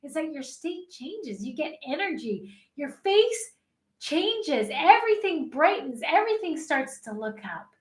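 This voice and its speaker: A woman life coach leading an energetic online session, cheering people through spoken affirmations. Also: sits high, unhurried, echoey room. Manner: upbeat, encouraging, leads chanted affirmations. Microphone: webcam.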